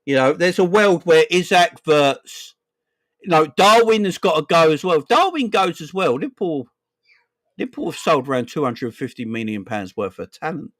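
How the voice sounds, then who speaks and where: A man in his forties with a South London accent, hosting a casual football livestream, rambling and chatty, giving viewers shout-outs. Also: a little high, lively intonation, moderate pace, dry recording, clean studio sound. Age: 40s. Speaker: football channel host.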